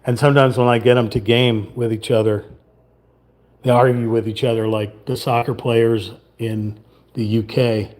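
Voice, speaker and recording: Rambling man with a dark voice. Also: mid-range voice, level tone, moderate pace. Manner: rambling, chatty, trails off into muttering. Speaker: livestream host. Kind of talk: casual chat while painting. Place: at a table, painting.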